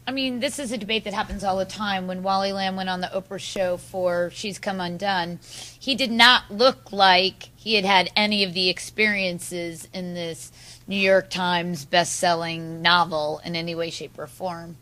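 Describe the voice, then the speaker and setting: A woman's voice: lowish voice, fairly even intonation, normal speed, bright, forceful tone, low-quality recording. A woman moderating an author panel, encouraging students to ask questions. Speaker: moderator and instructor.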